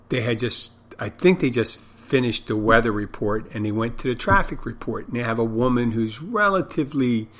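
A man's voice: medium pitch, fairly bright tone. A middle-aged man hosting a podcast in a casual, unscripted monologue. He rambles and jokes dryly, chuckling at his own stories. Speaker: podcast host and restaurant owner.

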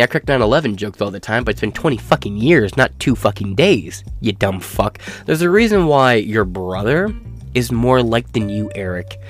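A man ranting through a commentary with crude, profane, sneering talk. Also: lowish voice.

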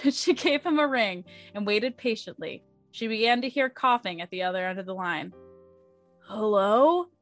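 A young woman reads a story aloud in a casual, chatty way, with some giggles along the way. Her voice sits at a middle pitch. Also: expressive, normal speed, hardly any pauses, a bit bright, no echo, soft background music. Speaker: fanfic reader.

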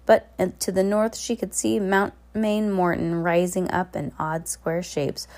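A woman's voice: on the low side, flat delivery, unhurried, darkish tone. A woman casually reading a novel aloud, unpolished, correcting herself and adding little asides. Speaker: reader.

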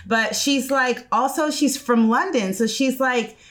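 An American woman co-hosting a podcast, telling stories in an animated, fast casual chat that is full of "like.". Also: sits high. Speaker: podcast co-host.

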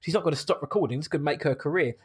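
A man co-hosting a podcast, chatting casually and emphatically about a horror film, quick to laugh. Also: on the high side, slightly rough. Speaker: podcast co-host. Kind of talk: casual movie-review chat.

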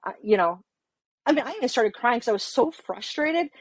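Woman cop, frank, profane storyteller, voice sits a bit high, dry close sound. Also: a little fast, slightly rough, dry recording. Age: adult with an underage daughter. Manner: profane, animated, acts out both sides of conversations. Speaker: police officer telling her story. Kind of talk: casual storytelling.

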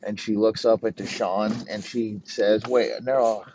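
A man spins a crude, improvised comedy tale in a slow, halting ramble, cursing freely and restarting his sentences as he goes. His voice sits at a middling pitch. The recording is dull and lo-fi, with a faint hiss behind him. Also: level tone, darkish tone. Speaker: comedic storyteller.

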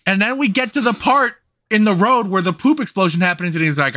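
A man's voice: sits high, lively intonation, quick pace, sharp tone. A man co-hosting a podcast, rambling through a story in casual, swearing chat. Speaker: podcast co-host.

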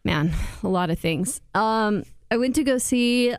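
A woman chatting casually about movies and shows as a podcast co-host, animated and chatty. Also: on the high side, unhurried, smooth, dry recording, studio quality. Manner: animated, chatty, exaggerated impressions. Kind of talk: casual pop-culture chat.

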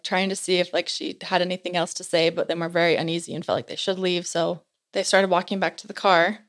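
Chatty young woman telling a spooky story. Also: medium pitch. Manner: chatty, frequent "like" fillers.

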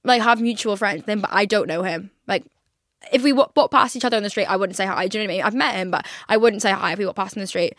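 A woman's voice: mid-range voice, fast, a bit bright, no room sound, studio quality. A young woman in her twenties hosting a casual solo podcast, rambling, swearing a lot and acting out her own reactions. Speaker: podcast host.

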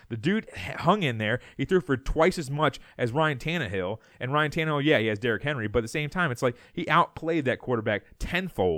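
A man's voice: fairly high pitch, animated, brisk, few pauses, fairly bright tone, no room sound. Worked-up guy going off on his team, repeats himself a lot, dry close sound. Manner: fired up, repeats words, mocks others in put-on voices. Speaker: podcast co-host. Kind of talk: heated sports rant.

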